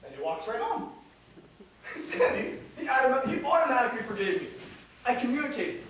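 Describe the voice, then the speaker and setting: An actor playing a restless, witty out-of-work New York man in a stage monologue, rambling and animated, mimicking passers-by. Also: very high-pitched, brisk, heavily acted. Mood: playful. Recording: echoey room from far off, noisy.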